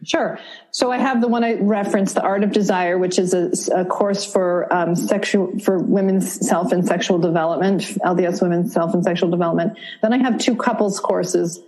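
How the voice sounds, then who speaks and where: A middle-aged woman from Vermont, a relationship counselor, explaining her ideas in a measured, thoughtful way as a guest on a podcast interview. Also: on the low side, steady tone, darkish tone, low-quality recording. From Vermont, USA.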